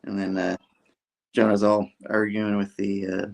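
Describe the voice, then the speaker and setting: A man's voice: fairly low pitch, a little slow, creaky. A man hosting a show, casually recapping a story with lots of fillers. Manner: animated, full of fillers. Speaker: host.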